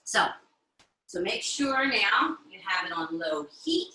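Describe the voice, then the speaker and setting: A woman's voice: medium pitch, very animated, slow pace, sharp tone, reverberant, poor audio. A middle-aged woman with an Italian-American accent, hosting a live home cooking demonstration and chatting with viewers as she works. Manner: chatty, checks in with viewers often. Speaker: cooking show host. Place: home kitchen.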